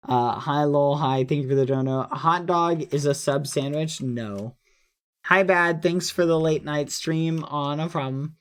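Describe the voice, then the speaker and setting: A man streaming late at night who chats casually with viewers in a snarky, playful way, apologizing over and over. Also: fairly high pitch.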